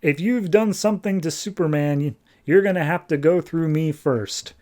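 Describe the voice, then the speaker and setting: A man's voice: fairly high pitch, normal speed, darkish tone, voice pushed up, lightly acted. A man casually voicing a bold, defiant woman reporter while retelling a comic.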